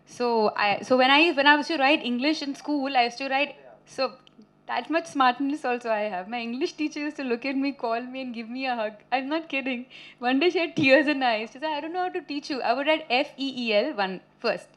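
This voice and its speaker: A woman in her thirties from India, an actress chatting with reporters at a press meet, telling lively anecdotes and laughing often. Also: sits high, brisk. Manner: chatty, laughing, animated storytelling.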